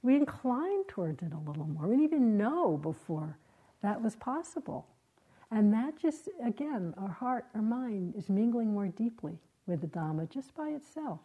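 A woman meditation teacher giving a dharma talk in a gentle, reflective way, with halting, searching phrases. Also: medium pitch, sing-song, slightly rough, phone-quality sound. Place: meditation hall.

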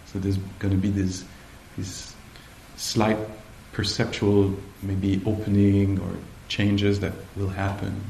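A man giving a dharma talk at a meditation retreat, slow and hesitant, often pausing to search for the right words. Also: fairly low pitch, monotone, gravelly, a little mellow, slight background noise. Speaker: meditation teacher. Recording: echoey room, faint ambience.

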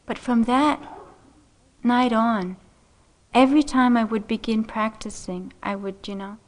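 A middle-aged woman meditation teacher telling a personal story in a dharma talk, unhurried and gentle, laughing softly often. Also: fairly high pitch, fairly even intonation. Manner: unhurried, gentle, frequent soft laughs and "you know".

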